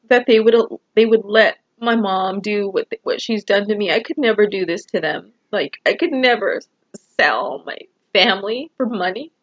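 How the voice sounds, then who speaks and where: A woman's voice: mid-range voice, highs cut off. A woman vlogger talking to camera about family and people, rambling and emotional, with many fillers. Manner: rambling, emotional, full of fillers like "you know". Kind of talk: personal talk to camera.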